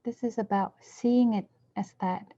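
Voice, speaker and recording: Soft-toned woman interpreting a dharma talk. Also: medium pitch, steady tone. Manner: measured, short phrases with occasional self-corrections. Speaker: interpreter for a Buddhist teacher. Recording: dull lo-fi recording.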